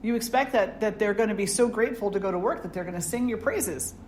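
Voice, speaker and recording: A woman's voice: medium pitch, fast talker, a little mellow, a little hiss or hum. A woman, a spiritual teacher, giving a reflective, conversational satsang talk and asking her audience questions. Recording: roomy hall with faint ambience.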